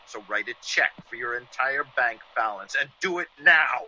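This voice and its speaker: An actor playing a vengeful, menacing ex-convict who sneers and gloats, in 1940s radio acting on a dull old radio recording. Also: male voice, medium pitch, animated, normal speed, pushed and bright, slight background noise. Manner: sneering, theatrical villain with gloating laughs.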